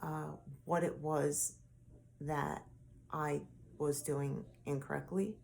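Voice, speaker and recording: A woman vlogger talks slowly through a personal story, her lowish voice carrying a gravelly fry. She meanders and restarts, leaning on fillers as she goes, and mostly stays soft and low-key. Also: fairly even intonation, a little hiss or hum.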